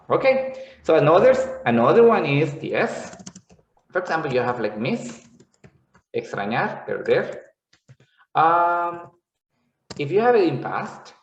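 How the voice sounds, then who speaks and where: A man gives a slow, unhurried pronunciation lesson, stopping to model single sounds again and again. His voice sits in a mid register and carries a roomy echo. The audio is a little dull and lo-fi. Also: mid-range voice, far from the mic. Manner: patient, repetitive explaining with drawn-out sound demonstrations. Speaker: English pronunciation teacher. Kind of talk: classroom-style lesson explanation. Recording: echoey room, slightly dull lo-fi sound.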